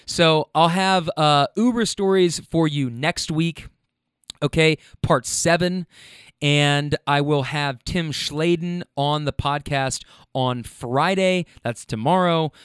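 A man's voice: a little high, slow pace, a bit bright, clear, resonant tone, dry recording, clean studio sound. A young man hosting a podcast, telling stories in a rambling, profane, casual way and often checking in with listeners with "okay?" and "right?". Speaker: podcast host. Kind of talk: casual storytelling.

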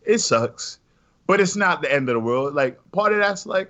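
Male podcast host, animated and joking, lively pitch. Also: moderate pace, dull audio. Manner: laughing, animated banter. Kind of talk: casual chat.

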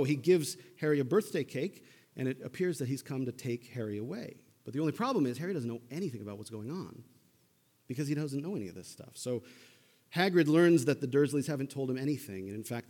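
A man's voice: mid-range voice, warm tone, big-room sound. A man preaching a sermon in a conversational way, retelling a story and checking in with his listeners. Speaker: pastor.

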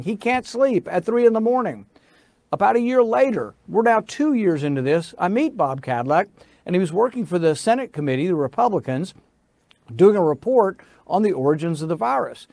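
A man's voice: high-pitched, animated, normal speed, creaky, darkish tone, no echo. A middle-aged American man who is a senator, telling a story in an interview in an insistent manner that builds to indignation. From United States.

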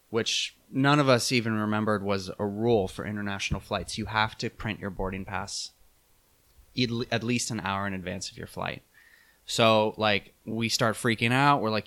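A young man telling a travel story in a casual chat, animated and laughing, with many fillers. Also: on the low side, normal speed.

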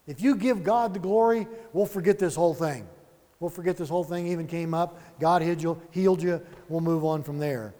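A man leading a Bible study in an animated, conversational sermon style, with chuckling asides and rhetorical questions. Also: fairly high pitch, fairly quick, in a large hall.

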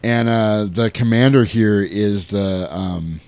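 Man, low voice, casual podcast chat, rambling movie recap, swears now and then. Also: slow pace, a little mellow, clear, resonant tone, no echo. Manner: rambling retelling with playful quoted voices and swearing. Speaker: podcast co-host recapping a film.

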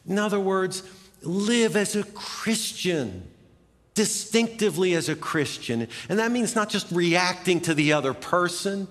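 A man preaching a sermon as pastor, with emphatic rises and soft drops. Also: high-pitched, lively intonation, measured pace. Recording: long hall reverb.

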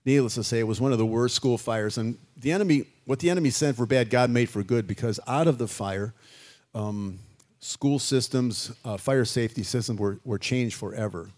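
A man's voice: mid-range voice, normal speed, darkish tone. A man in his sixties from Chicago, telling his life story as a guest in a casual interview, in a reflective, rambling way. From Chicago, USA. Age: 60s. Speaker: guest musician.

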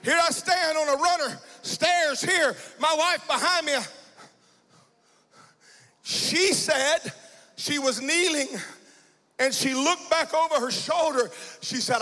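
A male pastor preaching a fervent sermon, storytelling and then shouting and chanting in bursts. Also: extremely high pitch, slow, long pauses. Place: large church sanctuary. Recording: church hall with long reverb.

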